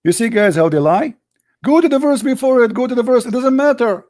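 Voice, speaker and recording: Brief: male debate host, high voice, hoarse, aggressive and interrupting. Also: lively intonation, fairly quick, a little mellow, no room sound, studio quality. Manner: combative, interrupting, insulting caller. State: voice getting hoarse. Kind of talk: heated live call-in debate.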